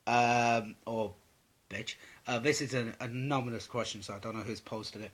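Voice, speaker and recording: A man's voice: mid-range voice, fairly even intonation, moderate pace, a bit bright. A young man answering viewer questions in a casual vlog, rambling and swearing with lots of "um"s. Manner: rambling, sweary, many fillers.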